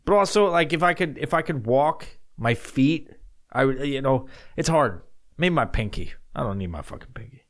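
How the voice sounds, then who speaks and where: Young male podcast host, solo, casual and foul-mouthed, meandering answers, bursts of loud shouting. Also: medium pitch, expressive, moderate pace. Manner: profane, rambling, jumps into loud acted-out shouts.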